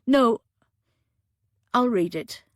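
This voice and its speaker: A woman voicing a shaken, grieving woman who speaks hesitantly and near tears, pitched higher than her narration. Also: expressive, very slow, dry recording, studio quality. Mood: fragile.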